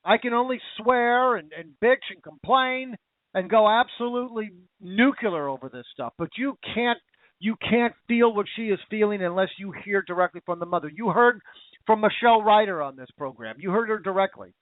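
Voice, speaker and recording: A man's voice: high voice, lively intonation, normal speed, no echo. A man hosting a talk radio show, ranting with emotion and repeating himself as his anger builds. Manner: angry, emotional, repetitive ranting. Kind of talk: impassioned talk radio monologue. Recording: tinny phone-like sound.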